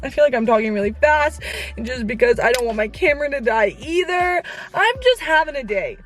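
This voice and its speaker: A late-teen Christian influencer vlogs from inside her car on an on-camera mic, her voice high, a little fast, with lively intonation. It's a casual confessional vlog where she rambles candidly and vents to viewers.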